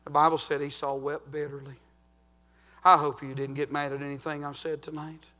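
A man preaching a sermon as pastor, swinging from sung, shouted climaxes down to low, hushed warnings. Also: flat delivery, normal speed. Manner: fervent preaching, rising to chanted shouts then dropping low.

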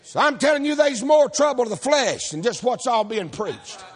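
A preacher with a strikingly high, husky voice. He tells folksy stories and rises into shouting to call out for amens from the congregation. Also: very animated, moderate pace. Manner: folksy, shouting, calls for amen. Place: church service.

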